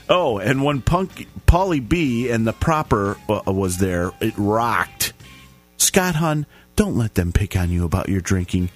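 A man's voice: lowish voice, big pitch swings, unhurried, soft background music. A man co-hosting a casual podcast, reading listener comments aloud in a jokey way and stumbling over the words. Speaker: podcast co-host.

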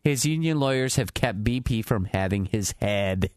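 A man's voice: fairly low pitch, animated, moderate pace, clean tone, no room sound, clean studio sound. A man co-hosting a casual talk show, teasing and wisecracking. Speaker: co-host. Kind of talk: casual banter.

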